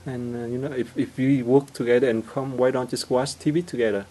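A man gives an informal teaching talk at a mid pitch. His English halts and restarts, padded with fillers, and he warms up and turns lively when acting out everyday scenes. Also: poor audio. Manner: halting non-native English, many fillers and restarts; gets animated and laughs when acting out scenes.

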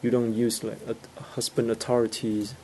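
A man gives an informal teaching talk at a mid pitch. His English halts and restarts, padded with fillers, and he warms up and turns lively when acting out everyday scenes. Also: slight background noise, low-quality recording. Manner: halting non-native English, many fillers and restarts; gets animated and laughs when acting out scenes.

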